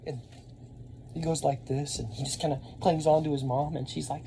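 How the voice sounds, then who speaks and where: A man, telling a rambling story to camera and getting louder when he acts out scenes. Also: medium pitch, fairly quick, gravelly, a little hiss or hum. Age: 30s. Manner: rambling, animated, laughs often, shouts when reenacting. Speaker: vlogger and Army veteran.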